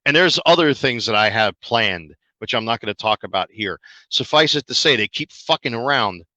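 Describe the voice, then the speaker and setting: A man's voice: medium pitch, animated, moderate pace, bright, forceful tone, dry recording, low-quality recording. A man making a defiant, profane, boastful statement in a clip from his own video.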